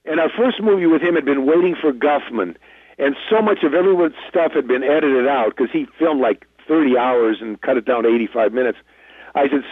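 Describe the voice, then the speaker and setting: A man's voice: medium pitch, brisk, breathy edge, no echo. A man, an actor guest, telling rambling, self-deprecating stories in a casual interview over the phone. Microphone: telephone. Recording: tinny dry phone line.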